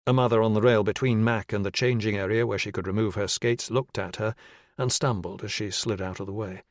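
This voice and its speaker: A man narrating a crime thriller audiobook in an even, measured way. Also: on the low side, dry recording, studio quality.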